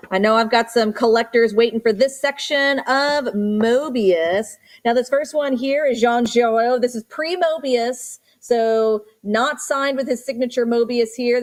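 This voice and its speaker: Female auctioneer, slightly higher voice, rapid bid-calling patter between lot descriptions. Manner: rapid repetitive bid calls mixed with slower item descriptions. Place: auction studio for a livestream.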